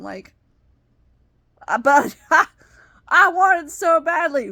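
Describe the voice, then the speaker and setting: A middle-aged woman with a fairly high voice talks through personal stories in a loose, rambling way, full of ums and you-knows. When she gets heated, her voice shoots up high and loud. The sound is dry and close, with no room echo. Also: expressive, unhurried, pauses often. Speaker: vlogger. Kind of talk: personal storytelling.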